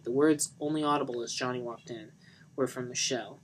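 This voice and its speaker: A man reading a novel aloud in a dry, even narrating manner. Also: mid-range voice, a little fast, a little hiss or hum, rough recording. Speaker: reader of a novel.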